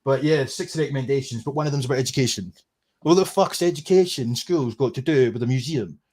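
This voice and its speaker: A man's voice: medium pitch, fast, darkish tone. A Scottish man hosting a casual livestream, ranting sarcastically and swearing freely. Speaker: livestream host.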